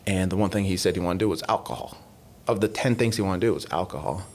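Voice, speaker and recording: Male podcast guest, low-pitched, chatty storyteller who quotes people in voices. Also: fast. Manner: animated, retells talks in quoted voices, many fillers. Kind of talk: casual storytelling interview.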